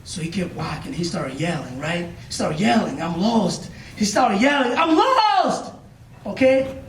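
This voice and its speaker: Man, motivational speaker, very high voice, emphatic and repetitive, echoey room, mic far off. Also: moderate pace, a little hiss or hum. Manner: emphatic, repetitive, asks listeners questions. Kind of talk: storytelling speech to young listeners.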